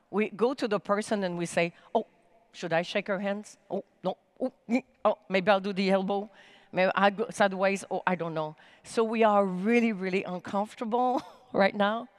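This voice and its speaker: A woman giving a motivational talk from a conference main stage, energetic and emphatic, with big swings in pitch. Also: no echo. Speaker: keynote speaker.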